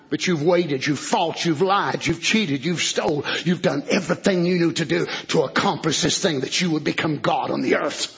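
A man preaching a sermon, shouting in rhythmic, repeated phrases with plain, folksy speech. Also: on the high side, breathy edge. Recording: dull lo-fi recording, faint congregation.

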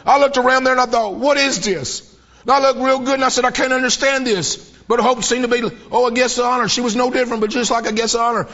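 A man preaching a sermon, telling a vision with mounting fervor and bursts of shouted praise. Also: extremely high pitch, steady tone, quick pace. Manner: fervent storytelling, voice rising to shouts of praise. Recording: dull lo-fi old tape.

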